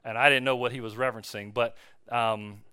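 A male pastor preaching a conversational sermon, telling a story in a relaxed way with fillers and restarts. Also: mid-range voice, a little fast, smooth, dry recording, studio quality. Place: church.

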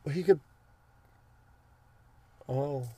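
A young man in casual chat, excitedly retelling cartoon scenes and acting out lines in goofy voices. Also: a little high, extremely slow, slightly rough, no echo. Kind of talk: casual episode recap chat.

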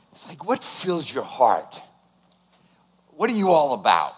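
A pastor in his sixties delivers a sermon in a somewhat high, breathy voice, animated and emphatic, repeatedly putting questions to his congregation. He speaks unhurriedly with long pauses, and a long reverb tail trails his words.

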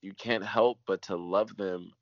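A man's voice: low voice, fairly even intonation, unhurried, no echo, dull audio. A man, a pastor, giving an emotional personal testimony in an earnest way, repeating phrases and sometimes dropping almost to a whisper.

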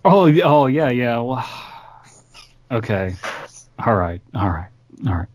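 A man's voice: medium pitch, big pitch swings, slow pace, a little mellow, a little hiss or hum. A man co-hosting a comedy podcast, talking in a laid-back, drawling way. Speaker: podcast co-host. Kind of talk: casual comedic chat. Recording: dull, dry lo-fi mic.

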